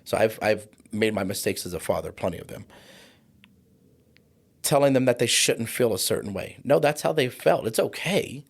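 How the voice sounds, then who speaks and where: A man in his forties, a podcast guest talking about trauma in an impassioned, preachy way, slowing down for emphasis. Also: lowish voice, expressive, gravelly, husky. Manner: fired-up, preachy, slows down for emphasis. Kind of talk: impassioned conversational podcast talk.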